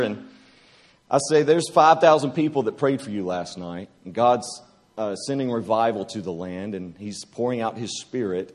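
Animated, joking male preacher. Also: medium pitch, a little hiss or hum. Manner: animated, joking storyteller who acts out scenes. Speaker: retreat speaker. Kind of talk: testimony-style sermon to a live audience. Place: church retreat gathering.

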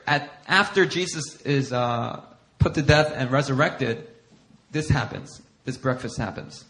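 A man's voice: medium pitch, a bit bright. A male pastor preaching a sermon, acting out scripture quotes and laughing often as he talks.

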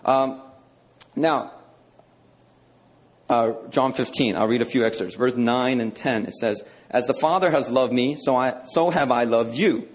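A man's voice: mid-range voice, measured pace. A male preacher teaching a sermon in a conversational, emphatic way, often checking in with "okay".

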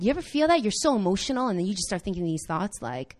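Impassioned woman preaching, very lively pitch. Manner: impassioned, rising to near-shouts on emphasis; talks straight to the congregation with quick questions. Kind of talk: sermon.

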